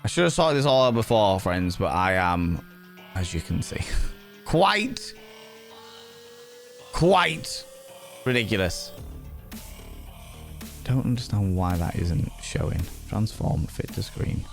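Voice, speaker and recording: A young man chatting casually on a live stream, swearing freely and telling stories in an animated, exasperated way. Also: sits low, measured pace, gravelly, soft background music.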